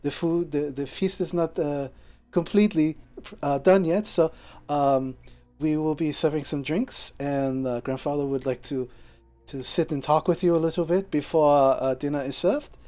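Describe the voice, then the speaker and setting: A man voicing a gentle noblewoman in a tabletop game, pitched a little higher than his own voice. She is formal and earnest, and her phrasing halts now and then. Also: fairly even intonation, moderate pace, natural voice. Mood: polite hostess. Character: gracious noblewoman, gentle and emotional.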